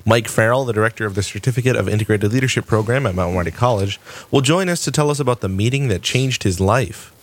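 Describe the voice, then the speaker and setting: A male radio co-host reading the upcoming show lineup in an upbeat, brisk announcer style. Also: medium pitch.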